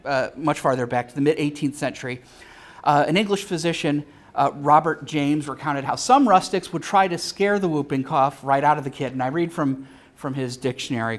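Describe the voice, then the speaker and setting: With a fairly high pitch, this man lectures live at a convention, stumbling frequently into fillers and restarting his sentences. Dry jokes come out as asides along the way.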